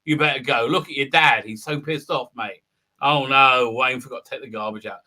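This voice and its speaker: A man's voice: mid-range voice, fairly even intonation, brisk, sharp tone, voice pushed down. A man voicing a mocking, meek male bounty hunter who fusses in a taunting sing-song.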